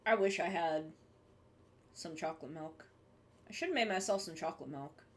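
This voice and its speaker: A woman's voice: on the low side, lively intonation, moderate pace. A young woman streaming live, chatting casually with her viewers while she draws, rambling and swearing offhandedly.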